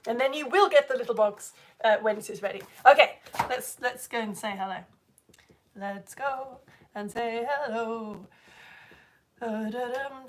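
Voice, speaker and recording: Chatty, excitable woman streaming live. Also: a little high. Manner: chatty and excitable, bursts into laughter and squeals. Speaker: live show host reading viewer comments. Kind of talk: casual live-stream chat.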